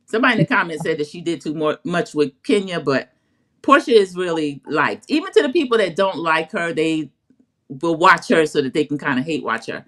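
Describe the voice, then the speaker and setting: A woman's voice: low voice, fairly bright tone. A woman co-hosting a casual chat show, retelling the episode in a chatty way and quoting people as she goes. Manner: chatty, storytelling, quotes people in a put-on voice. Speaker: co-host recapping a reality show.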